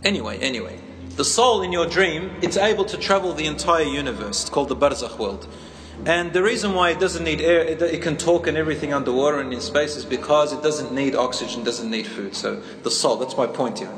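Male preacher, engaging storyteller, fairly high voice, echoey hall recording. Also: fairly quick. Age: adult, a teacher. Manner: engaging, questions the audience, tells stories. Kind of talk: sermon. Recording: echoey hall, faint ambience.

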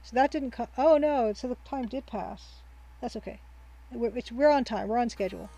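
Mellow-voiced woman chatting through gameplay. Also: a little high, normal speed, rough recording. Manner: chatty, reads game text aloud, laughs often. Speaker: let's play host. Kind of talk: casual gameplay commentary.

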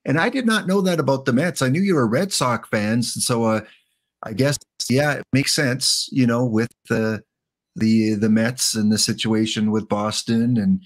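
A man hosting a casual stream chat, asking questions in an easygoing, halting way. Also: medium pitch. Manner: easygoing, hesitant interviewer. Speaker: host.

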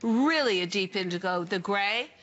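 Woman designer, crisp and bright, effusive TV-shopping pitch, slightly muffled broadcast sound. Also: expressive, moderate pace, slight background noise. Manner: enthusiastic, chatty, gushing about colors. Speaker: fashion designer selling her jeans. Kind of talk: home shopping sales pitch. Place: TV shopping studio.

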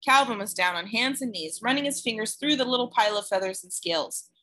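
A woman narrating a novel aloud in a measured, clear storytelling manner. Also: a little high, expressive, pushed and bright. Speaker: audiobook reader. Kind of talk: scripted narration.

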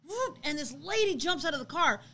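Bright high-pitched woman telling a story. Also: a little fast. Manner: animated, laughs while acting out quotes. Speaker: co-host. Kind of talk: casual storytelling chat.

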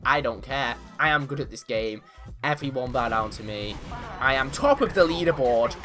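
A man giving casual, excitable commentary on his own gameplay, boasting in jest and yelping when things go wrong. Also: mid-range voice, moderate pace, soft background music. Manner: excitable, mock-boastful, yelps and laughs in panic.

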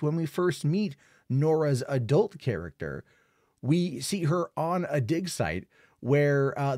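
A man's voice: mid-range voice, vocal fry, no echo, clean studio sound. A man giving a casual spoken film review, rambling with lots of fillers and an amused tone.

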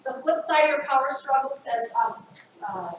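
A woman's voice: high voice, moderate pace, slight background noise. Echoey woman leading a training workshop. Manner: animated, acts out scenarios. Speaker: workshop presenter. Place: school training room. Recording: echoey room from far off.

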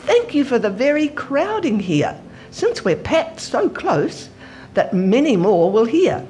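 A woman in church voicing a devout, excited woman prisoner who speaks in high, breathless, eager pleas. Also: slow. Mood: serene.

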